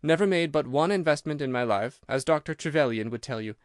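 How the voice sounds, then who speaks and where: A man's voice: on the high side, lively intonation, fairly quick, smooth, no echo, studio quality, close to an everyday voice. Man putting on a reedy, quivering nervous man. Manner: nervous, pleading. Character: nervous fat older man, frightened and evasive. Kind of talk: audiobook character reading.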